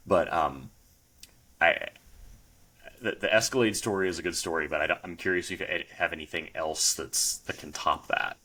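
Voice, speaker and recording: Podcast host guy, very low voice but bright and crisp, laid back chat with lots of ums. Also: normal speed. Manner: relaxed, chatty, frequent ums. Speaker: podcast host, car journalist.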